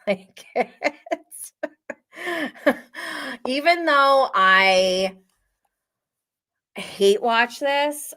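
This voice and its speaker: A woman hosting a casual reality TV recap, gossipy and animated, often laughing. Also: mid-range voice. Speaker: host.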